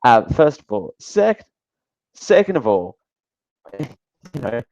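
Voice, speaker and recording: A male host talks through casual commentary with a dry, sarcastic edge, wandering off and restarting his sentences. His voice has a gravelly fry to it, and he sounds close and dry with no room around him. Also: mid-range voice, big pitch swings, takes it slowly, darkish tone, dry recording, dull audio. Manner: sarcastic, rambling, with frequent fillers and restarts. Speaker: show host.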